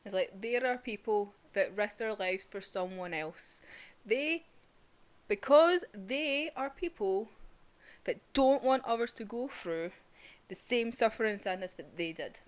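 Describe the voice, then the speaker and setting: A young woman chatting casually about a manga chapter, excitable and swearing freely. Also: medium pitch, unhurried. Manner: excitable, swearing, laughs often. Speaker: manga reviewer. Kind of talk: casual chat.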